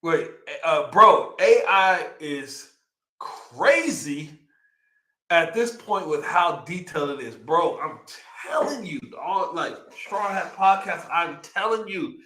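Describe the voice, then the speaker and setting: A young man with a Texan accent chats excitedly on a livestream, his voice bright and a little high. He reads out figures and riffs on them with hype. The sound is echoey, like a bare room. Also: slow pace. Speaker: livestream host. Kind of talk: casual livestream chat.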